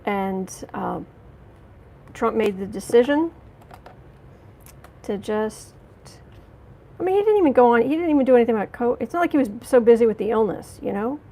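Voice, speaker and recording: A woman hosting a live tarot stream, reading cards and answering chat, angry but trying to stay calm, halting with fillers and restarts. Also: fairly high pitch. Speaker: tarot reader and livestream host.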